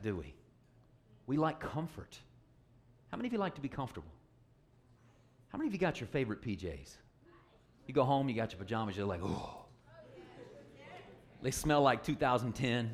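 Male preacher, sermon, emphatic, joking, call-and-response, mid pitch. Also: sing-song, brisk, pauses often.

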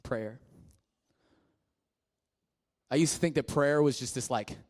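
A man preaching to a youth group in a casual, conversational way, sometimes dropping to a hushed voice for a story. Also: medium pitch, fairly quick. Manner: casual and conversational, with fillers and restarts; drops to a quiet, hushed voice in the story. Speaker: youth pastor.

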